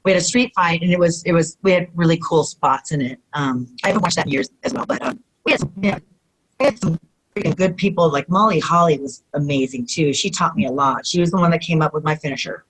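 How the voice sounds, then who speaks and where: A woman guest in an interview, telling stories in a casual, animated way, often acting out quotes and saying "you know what I mean". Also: deep voice, fast, husky, poor audio. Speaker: retired pro wrestler guest.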